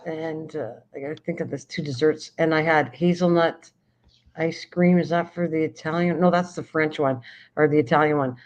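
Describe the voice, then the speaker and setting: A woman's voice: low-pitched, steady tone, moderate pace, a little mellow. An older woman hosting a casual late-night chat, rambling and often restarting sentences while she searches for words. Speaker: livestream host. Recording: dull lo-fi stream audio.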